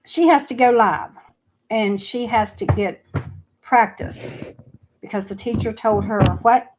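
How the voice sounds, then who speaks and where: A woman's voice: a little high, measured pace, darkish tone, slight background noise, low-quality recording. An older woman chatting casually on a phone livestream, talking with lots of "you know" fillers and repeating herself. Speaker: livestream host.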